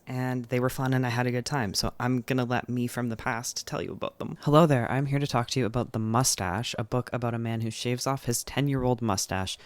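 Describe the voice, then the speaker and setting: A man's voice: medium pitch, no room sound. A man giving a chatty, candid book summary, full of "like" and the odd swear word. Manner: chatty, filler-heavy retelling with frequent "like". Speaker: book reviewer. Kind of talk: casual book summary monologue.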